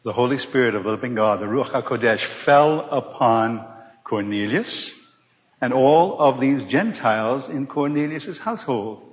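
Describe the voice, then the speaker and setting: A middle-aged man telling a personal testimony to a live audience, animated and acting out the voices of the people in his story. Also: mid-range voice, unhurried. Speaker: speaker giving a personal testimony. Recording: dull recording in a large reverberant hall.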